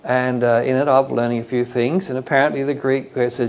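A man from Australia preaching a Bible study in a loose, conversational way, pausing with fillers as he explains the text. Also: medium pitch, creaky, a little mellow.

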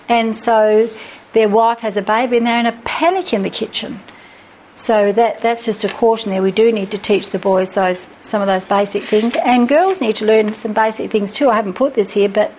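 A woman's voice: on the high side, a little mellow, slight background noise, rough recording. A middle-aged woman teaching Christian parenting from her notes, earnest and practical, with chatty personal asides.

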